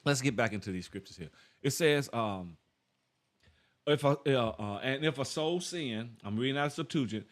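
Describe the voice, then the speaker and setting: A man's voice: mid-range voice, expressive, moderate pace, no echo, studio quality. A man leading an informal Bible study, folksy, repeating words and asking his listeners questions. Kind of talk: informal preaching.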